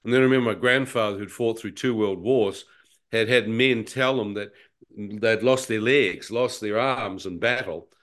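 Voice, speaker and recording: A man giving an animated, slangy personal testimony as a guest. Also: fairly low pitch, moderate pace. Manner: animated storyteller, acts out his own thoughts, slangy. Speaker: guest telling a near-death testimony.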